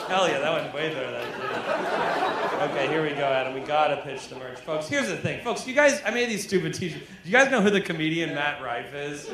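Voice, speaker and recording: A man performing a live stand-up set, deadpan and mock-serious, often laughing at his own jokes. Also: on the high side, fairly quick, vocal fry. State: drunk. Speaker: stand-up comedian. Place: comedy club stage. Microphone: handheld stage mic. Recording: roomy live club recording with crowd noise. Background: audience laughter.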